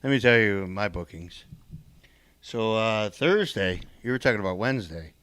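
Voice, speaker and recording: A middle-aged man on a casual podcast, telling a rambling story in a deadpan, halting way with lots of pauses. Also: on the low side, smooth, dry recording.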